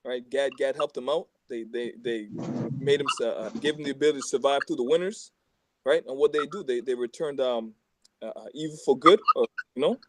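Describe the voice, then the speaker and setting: A man in a casual religious discussion who reads scripture aloud, starting in a halting way with many ums before moving on to his own comments. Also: mid-range voice. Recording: noisy recording with clicks.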